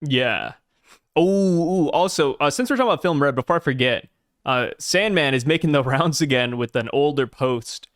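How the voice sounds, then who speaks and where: A man's voice: fairly high pitch, animated, normal speed, no echo, studio quality. A man co-hosting a podcast, chatting casually and animatedly about manga, sometimes reading panel dialogue aloud. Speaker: podcast co-host.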